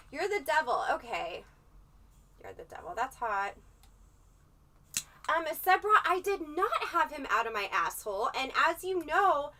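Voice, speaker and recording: A woman's voice: high-pitched, distant mic. A woman livestreaming in a casual chat, rambling and swearing freely as she tells her story. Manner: profane, rambling, animated storytelling.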